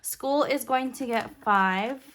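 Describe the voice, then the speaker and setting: A young woman vlogger telling a spooky story in a soft, unhurried way while counting cash into a budget binder. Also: a little high.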